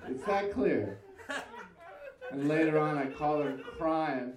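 A man telling a comic story in a stand-up bit, animated, with his voice shooting high at times. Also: slow, reverberant, crowd noise.

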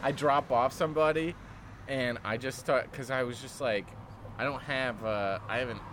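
Overtired, blunt-talking young comedian. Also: male voice, medium pitch, fairly even intonation, normal speed, noisy background. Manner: blunt, swears often, tired venting. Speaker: stand-up comedian. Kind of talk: casual chat.

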